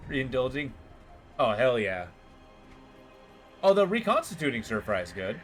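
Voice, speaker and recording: Guy streaming a game, rambly chat w/ viewers, voice jumps all over, music quiet in back. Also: medium pitch, sing-song, unhurried. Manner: chatty, rambling, lots of fillers. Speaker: livestreamer chatting with viewers. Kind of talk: casual chat while gaming.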